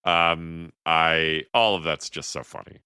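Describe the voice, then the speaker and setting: Low-voiced man rambling about a movie. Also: steady tone, slow pace, sharp tone, clean tone, no echo, clean studio sound. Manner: rambling, quotes movie lines in funny voices. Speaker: podcast co-host. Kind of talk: casual movie chat.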